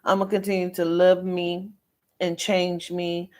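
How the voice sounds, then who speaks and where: A woman hosting a live stream, talking straight to her viewers in a blunt, forceful way. She swears freely, hammers home her warnings over and over, and calls out commenters by name as she goes. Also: lowish voice, flat delivery, a little slow. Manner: blunt, emphatic and profane; lectures sternly with repeated warnings. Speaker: livestream host.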